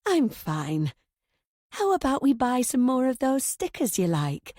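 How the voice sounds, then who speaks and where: A woman voicing an older aunt who talks in a soft, cooing, motherly way. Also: high-pitched, sing-song, unhurried, dry recording, clean studio sound, pitched above the performer's own voice, full character voice.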